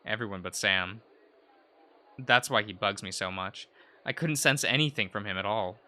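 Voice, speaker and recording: A man's voice: lowish voice, moderate pace, bright, forceful tone, pitched below the performer's own voice. A man voicing an earnest, blunt teenage girl who narrates a visual novel in first person, close to tears. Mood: tender. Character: teenage girl protagonist, blunt, fed up with boys.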